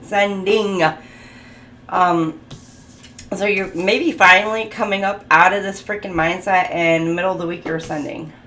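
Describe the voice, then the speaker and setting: During a laid-back tarot reading, a woman speaks unhurriedly in a fairly low, bright, forceful voice with fairly even intonation. Chatting and laughing a lot, she runs through card keywords. The space sounds roomy, with faint noise behind her.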